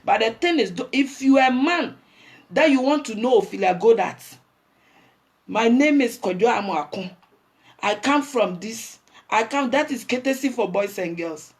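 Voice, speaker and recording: A woman's voice: a little high, lively intonation, moderate pace. A woman with a Ghanaian accent, hosting a livestream and delivering a blunt, preachy rant that scolds her viewers. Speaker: livestream host.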